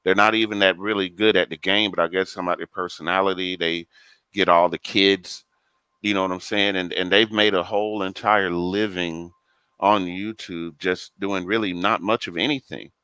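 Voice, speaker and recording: Very deep, bright-toned man. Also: steady tone, moderate pace, clean tone, no room sound. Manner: frank, conversational. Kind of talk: casual chat.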